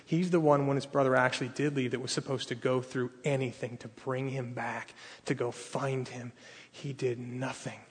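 A man preaching a sermon, retelling a story and acting out each character's pleading and complaints in lively voices. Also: medium pitch, normal speed, slightly rough. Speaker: pastor. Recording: reverberant hall.

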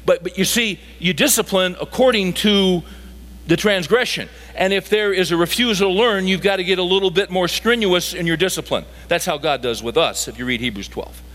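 High-voiced preacher in an echoing hall. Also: male voice, a little fast, fairly bright tone. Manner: emphatic, with rhetorical questions to the audience. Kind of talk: sermon. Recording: long hall reverb.

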